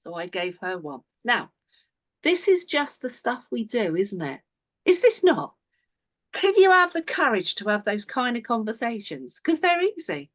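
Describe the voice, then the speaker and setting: Lively, higher-voiced woman telling a story. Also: unhurried. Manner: animated, acts out quoted dialogue in the story. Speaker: team coach. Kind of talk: storytelling talk to a business team.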